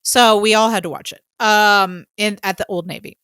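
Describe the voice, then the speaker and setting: Bright-voiced, gushing woman podcaster. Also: mid-range voice, moderate pace, clear, resonant tone, no room sound. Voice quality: excitable, gushing fan with many fillers. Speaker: podcast co-host. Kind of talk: casual chat.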